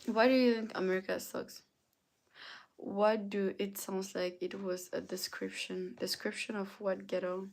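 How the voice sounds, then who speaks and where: A woman's voice: mid-range voice, level tone, a little slow. Tired woman streamer reading chat. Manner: reads chat messages aloud and answers them. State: tired, yawning. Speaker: livestreamer. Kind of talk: casual live-stream chat.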